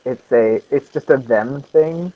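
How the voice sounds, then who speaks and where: Excitable male player, dull lo-fi audio. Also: medium pitch, takes it slowly. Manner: chatty, excitable, hedging with "like". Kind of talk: casual tabletop play.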